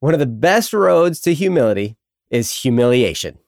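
A man co-hosting a casual faith talk show at a mid-range pitch. He talks reflectively and unhurriedly, filling gaps with "you know." His voice sits close and dry, with no room sound. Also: sing-song, moderate pace, gravelly, a little mellow, no room sound. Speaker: co-host.

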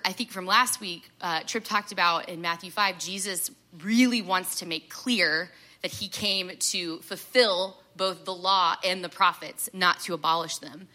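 A woman's voice: medium pitch, bright, forceful tone. A woman giving a conversational sermon, chatty and self-deprecating, with lots of fillers and asides. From American South. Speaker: preacher.

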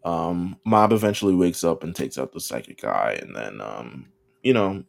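A man with a lowish voice talks through an anime episode on a casual podcast. He tells it with lively energy, slipping into the characters' lines and breaking into laughter often. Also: normal speed, gravelly. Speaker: podcast co-host. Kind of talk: casual anime recap chat.

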